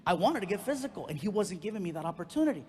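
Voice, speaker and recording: High-voiced comedian on a reverberant stage. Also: male voice, racing. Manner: animated, acting out quoted people in the story. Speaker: stand-up comedian. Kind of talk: stand-up storytelling. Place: comedy stage before a live audience.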